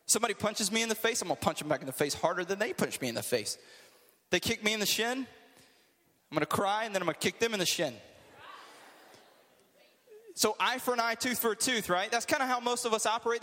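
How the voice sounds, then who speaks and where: Male preacher, casual sermon, high bright voice, joking asides. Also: animated, fairly quick, pauses often, in a large hall. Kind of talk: casual sermon to a youth group.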